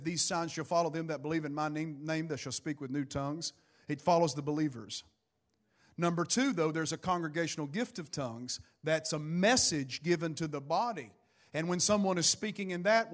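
A man's voice: on the high side, fairly bright tone. A middle-aged man preaching a Pentecostal sermon in church into a microphone, building emphasis and calling for amens. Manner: preaching with rising emphasis and call-outs. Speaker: pastor.

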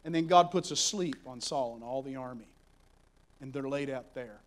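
A man delivers a sermon, recounting Bible stories with lively energy that moves between quiet asides and outright shouting. His voice sits in the mid range, and he speaks at a moderate pace.

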